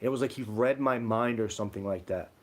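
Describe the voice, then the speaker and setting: A man's voice: on the low side, a little fast. Rambling man chatting on a livestream. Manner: rambling storytelling, many "like" fillers. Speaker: livestream co-host. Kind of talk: casual livestream chat reading comments.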